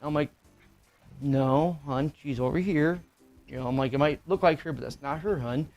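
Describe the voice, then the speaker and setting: A man's voice: a little high, moderate pace, darkish tone, muffled recording, soft background music. Rambling middle-aged man telling a ghost story. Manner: rambling, profane, with filler words. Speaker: podcast co-host. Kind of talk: casual storytelling chat.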